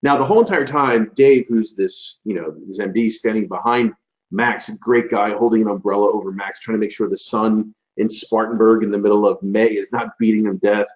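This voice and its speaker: Male webinar presenter, 40s, deeper register, casual storyteller, dull lo-fi recording. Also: fairly even intonation, fairly quick. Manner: chatty, loose delivery with many fillers and restarts. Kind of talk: conversational storytelling lecture.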